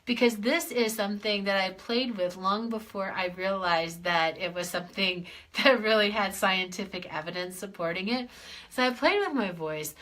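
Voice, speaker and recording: A woman life coach hosting a live clearing session, playing with her voice as she swoops high and low through repeated chant-like phrases. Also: normal speed, a bit bright. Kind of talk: guided clearing session on a livestream.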